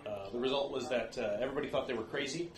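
A man, a tabletop game player, recapping the last session in a rambling, halting way with many fillers. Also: mid-range voice, roomy sound, crowd noise.

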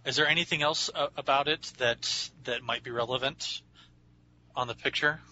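A man's voice: mid-range voice, steady tone, normal speed, pushed and bright, highs cut off, a little hiss or hum. A man playing a tabletop game, chatting casually and joking. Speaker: player. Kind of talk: casual chat.

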